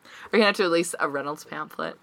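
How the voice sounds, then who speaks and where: A woman's voice: sits low, gravelly, fairly bright tone, no room sound. A woman co-hosting a podcast in casual chat, joking and swearing freely. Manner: chatty, swearing, jokey, quick asides. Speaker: podcast co-host.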